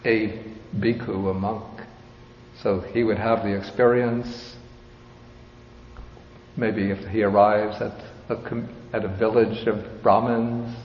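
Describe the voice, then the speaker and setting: Slow, measured male Buddhist teacher. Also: fairly low pitch, little pitch movement. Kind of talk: dharma talk explaining a scripture. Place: large hall with audience. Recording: reverberant hall, dull sound, faint hiss.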